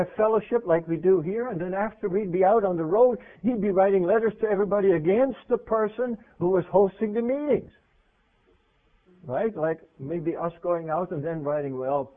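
A man with a high voice preaches in a conversational style. He often asks the congregation questions and drops from loud points to near-whispers. The recording is thin and phone-like, like an old radio broadcast. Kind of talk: sermon.

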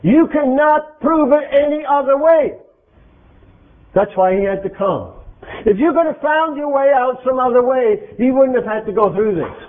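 A man's voice: extremely high pitch, moderate pace. A man preaching an interactive sermon, speaking emphatically and quizzing his congregation with questions. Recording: tinny phone-like lo-fi recording.

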